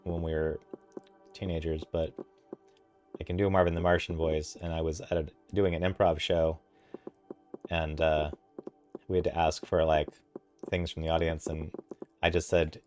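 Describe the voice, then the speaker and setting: Casting a very low-voiced male streamer, chatty and rambling, talking through a puzzle game. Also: little pitch movement, normal speed, long pauses, a little mellow, faint music behind. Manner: chatty, rambling, thinks aloud. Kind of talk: casual chat while playing a puzzle game.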